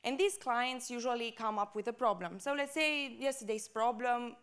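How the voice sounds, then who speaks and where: A woman's voice: a little high, normal speed, fairly bright tone, clean tone. A woman giving a conference talk. She speaks with enthusiasm, often checks in with "right?", and her microphone cuts out at times. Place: conference stage.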